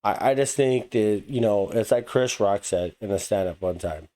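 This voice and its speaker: A man's voice: lowish voice, moderate pace, warm tone. A man from the United States talking casually as a reaction video host, rambling and often repeating words as he restarts. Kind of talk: casual commentary.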